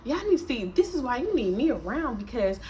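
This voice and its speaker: A woman mimicking a pushy, tipsy young woman who goads her friends to keep drinking, in a bossy, loud voice. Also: on the high side, sing-song, fairly quick, a little hiss or hum. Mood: goading.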